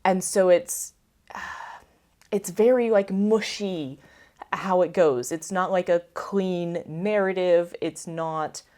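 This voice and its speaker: A woman's voice: fairly low pitch, steady tone, takes it slowly, dark tone. Young woman, casual book vlogger, rambling and chatty. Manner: chatty, rambling, asks viewers for opinions. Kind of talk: casual chat to camera.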